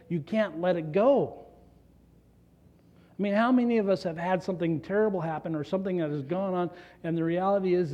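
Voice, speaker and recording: A man's voice: a little high, warm tone. A man preaching a conversational sermon as a pastor, earnestly putting rhetorical questions to the congregation. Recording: dull lo-fi recording.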